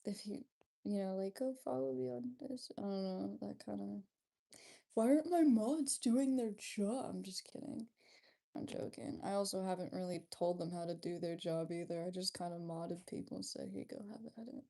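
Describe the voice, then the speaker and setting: Gravelly young woman chatting on a stream. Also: medium pitch, steady tone, dark tone. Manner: unhurried, drifting, chatty asides. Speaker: livestreamer. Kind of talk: casual livestream chat reading comments.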